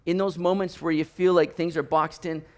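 Animated, high-voiced pastor preaching. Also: male voice, moderate pace. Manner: animated storytelling, acts out voices, rising to near shouts. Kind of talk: sermon.

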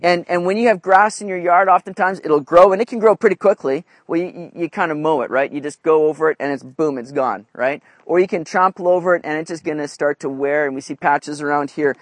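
A man's voice: on the high side, steady tone, a little fast, few pauses, no room sound. A man preaching a conversational sermon, often checking in with his listeners. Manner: conversational, asks "right?" often. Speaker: pastor.

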